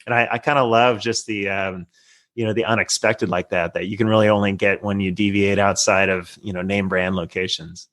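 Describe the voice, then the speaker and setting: A man's voice: fairly low pitch, steady tone, brisk, a bit bright. Rambling male interview guest from California. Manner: rambling, many fillers like you know and I mean. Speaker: guest, investor. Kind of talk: casual interview chat.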